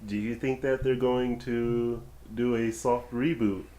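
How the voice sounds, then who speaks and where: A man's voice: mid-range voice, fairly even intonation, measured pace, mellow. Musing man podcast co-host, echoey room. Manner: loose and musing, many fillers. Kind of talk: casual chat.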